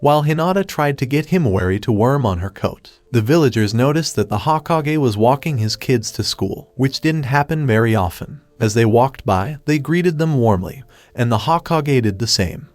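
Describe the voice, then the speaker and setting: A man reads a fan fiction story aloud at a steady, even pace. His voice sits at a middle pitch. The recording is dry and close with no room sound. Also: no room sound. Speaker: narrator.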